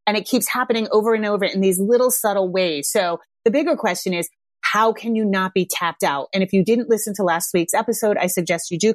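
A parenting coach in her thirties hosts a podcast, giving casual advice in a conversational way and often checking in with tag questions like "right?" and "yeah?" Her voice is mid-range, and there is no room sound.

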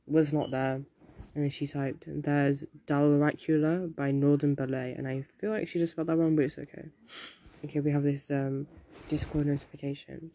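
A man's voice: on the high side, steady tone, moderate pace, mellow. A teenage boy, rambling through a casual solo monologue, swearing often and joking at his own expense. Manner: rambling, sweary, self-deprecating, jumps between topics. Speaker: solo podcaster.

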